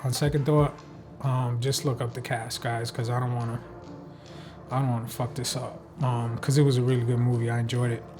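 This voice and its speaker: A man's voice: medium pitch, flat delivery, brisk, a little mellow, soft background music. Rambling man recapping a film. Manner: loose, joking, swears freely, many fillers. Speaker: podcast host reviewing a film.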